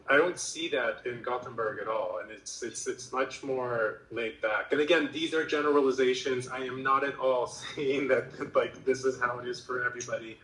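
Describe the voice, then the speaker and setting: A man's voice: medium pitch, fairly bright tone, echoey room, rough recording. An American man in a casual conversation, telling a rambling story full of fillers and restarts. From United States. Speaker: HR professional guest.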